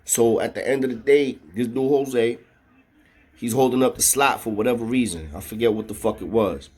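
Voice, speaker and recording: A man's voice: medium pitch, normal speed, a little mellow, husky. A man tells a long story in a loose, casual way. His talk is full of slang and swearing, and he keeps checking in with his listener as he goes. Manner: slangy and profane, with frequent "know what I mean".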